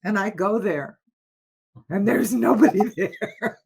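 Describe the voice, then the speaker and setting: An older woman, a former opera singer, telling stories as a guest in a casual interview, expressive and quick to laugh. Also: vocal fry, breathy edge. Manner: expressive, laughs often, dramatic shifts in pitch and loudness.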